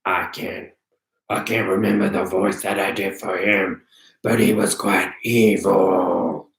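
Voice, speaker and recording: A man's voice: low-pitched, steady tone, takes it slowly, fairly bright tone, reverberant. A man hosting a casual live-stream Q&A as an actor, chatty and rambling with many hesitations. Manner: rambling, hesitant, full of ums.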